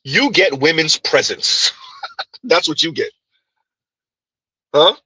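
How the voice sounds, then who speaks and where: Animated man giving slow, forceful commentary. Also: a little high, husky, no room sound, poor audio. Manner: animated, emphatic, repeats points. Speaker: commentary channel host. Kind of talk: reaction commentary.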